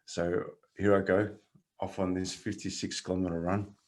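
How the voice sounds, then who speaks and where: A man with an Australian accent and a fairly low voice talks as a coach in casual podcast conversation. His guidance is calm and encouraging, and his storytelling is lively and full of laughter. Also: normal speed.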